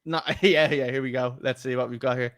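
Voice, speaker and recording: A man's voice: mid-range voice, steady tone, brisk, a bit bright, no room sound. Guy hosting a footy podcast, chatty, swears a lot, dry mic. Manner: chatty, swears freely, laughs often. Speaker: podcast co-host. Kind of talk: casual chat.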